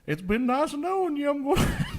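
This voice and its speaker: A man voicing a neglected, self-pitying male pet cat in a high, put-upon voice. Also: heavily acted.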